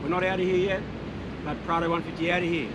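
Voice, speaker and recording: A man's voice: fairly high pitch, steady tone, quick pace, dull audio, heavy background noise. A middle-aged Australian man chatting casually while filming his beach campsite, laid-back and full of slang. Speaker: camping vlogger. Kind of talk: casual outdoor vlog chat.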